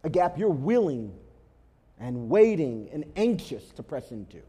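A man preaching a sermon to his congregation as pastor, telling an animated story and driving points home with emphatic repetition. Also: on the high side, measured pace, husky. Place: church before a congregation.

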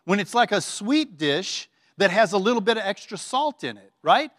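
A male pastor delivers a relaxed, conversational sermon, dotted with ums and restarts as he coaxes the congregation to repeat after him. His voice sits a bit high for a man. A long hall reverb trails behind his words. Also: normal speed, clean studio sound. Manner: casual, filler-laden, leads call-and-response. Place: church sanctuary.

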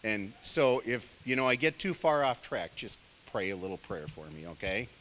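Rambling, bright-voiced male Bible teacher. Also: fairly low pitch, normal speed, big-room sound, a little hiss or hum. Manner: rambling, digressive, self-deprecating; many fillers, conversational asides. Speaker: bible study leader. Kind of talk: casual teaching sermon.

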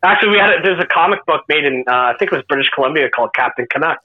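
A man's voice: a little high, expressive, rapid-fire. A Canadian man chatting casually as a podcast guest, laughing and swearing freely. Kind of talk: casual chat. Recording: dull lo-fi remote line.

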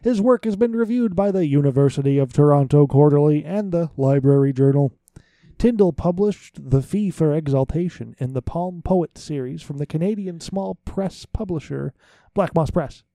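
Male podcast co-host, mellow higher voice, dry close sound, teasing banter. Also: moderate pace, dry recording. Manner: jokey, teasing, swears freely.

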